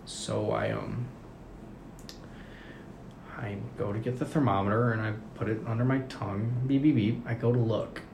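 A young man in a casual chat, telling a story in an animated way, with lots of fillers and swearing, and acting out the people he quotes. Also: lowish voice, moderate pace, gravelly, pauses often. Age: young adult. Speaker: podcast co-host. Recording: echoey room with faint noise.

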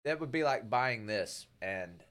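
Laughing, rambling wrestler telling stories. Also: male voice, mid-range voice, expressive, measured pace, fairly bright tone. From Arkansas. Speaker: podcast guest, pro wrestler. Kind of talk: casual storytelling chat.

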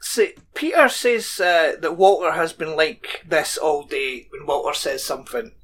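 A man's voice: fairly high pitch, unhurried, fairly bright tone, a little hiss or hum. A man co-hosting a podcast, recapping a TV episode in casual chat with dry joking asides. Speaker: podcast co-host.

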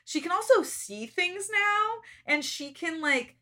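A woman's voice: very high-pitched, lively intonation, a little slow, pushed and bright. A young adult woman co-hosting a casual book-recap podcast, joking and laughing often as she talks. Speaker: podcast co-host.

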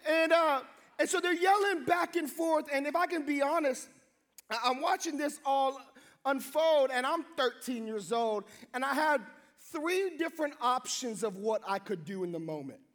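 A young man preaching a sermon, telling a funny story and acting out the people in it, shouting now and then for emphasis. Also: extremely high pitch, normal speed. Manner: animated, acts out quotes, shouts for emphasis. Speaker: pastor.

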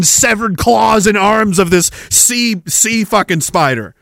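A man hosting a podcast, rambling through a profane, animated rant, swearing and chuckling, swinging from loud bursts to low mutters. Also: a little slow, vocal fry, no echo. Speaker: podcast host.

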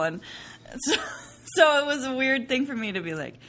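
A young woman playwright talks casually about her work in an interview. Her voice swoops widely in pitch. She laughs often and mimics other people in brighter, higher tones. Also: sing-song, normal speed. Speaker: playwright guest.

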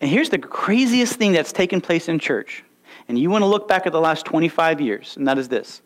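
A man's voice: on the high side, big pitch swings, brisk. A young man preaching a sermon, emphatic and full of rhetorical questions and stories. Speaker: pastor.

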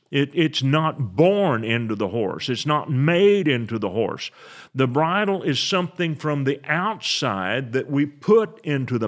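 A male preacher delivering a sermon at an unhurried, deliberate pace. His pitch rises and falls with lively emphasis as he poses rhetorical questions.

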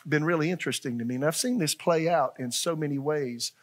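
A man's voice: fairly high pitch, fairly quick. An older man, a pastor, preaching a conversational sermon and asking his congregation questions.

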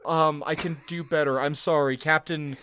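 A man co-hosting a podcast in excitable, joking casual chat, swearing often. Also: fairly high pitch, moderate pace, slight background noise. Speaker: podcast co-host.

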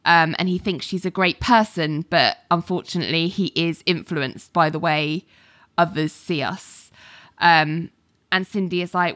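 A woman's voice: on the low side, a little slow, a bit bright, dry recording, clean studio sound. A woman casually recapping a TV episode, chatty and full of ums and likes.

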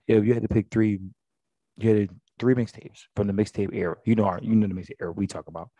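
A young man chatting casually and sounding laid-back, his voice fairly low and mellow. His slangy talk often trails off into a mumble. The recording is dry and close. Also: fast, slightly rough, no room sound. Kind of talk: casual chat.

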